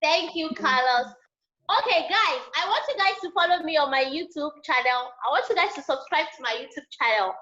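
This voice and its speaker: A woman's high, bright voice comes through a video call, friendly and direct with the class. The sound is roomy and echoey, and the line is dull and lo-fi. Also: expressive, a little fast. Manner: friendly and direct, promoting her channel. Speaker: guest speaker. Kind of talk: casual address to a class over a video call.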